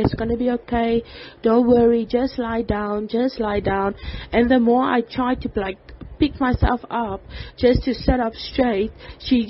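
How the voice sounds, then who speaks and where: A woman gives a personal faith testimony. She speaks haltingly and fills her pauses with "like" and "um". The recording is dull and lo-fi, with a faint hiss behind her. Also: mid-range voice. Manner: halting, with frequent "like" and "um".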